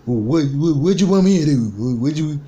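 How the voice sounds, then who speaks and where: A man's voice: a little high, lively intonation, warm tone, dull audio, pitched above the performer's own voice, natural voice. A man doing a whiny, broke middle-aged man. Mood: whining, indignant. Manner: fast, rising, complaining rant.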